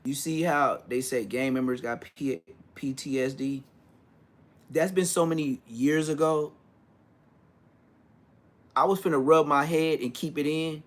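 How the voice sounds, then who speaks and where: A man in his forties telling street stories in a casual, animated way, full of profane slang. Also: on the high side, measured pace, long pauses. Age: 40s. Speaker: vlogger. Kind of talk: casual storytelling.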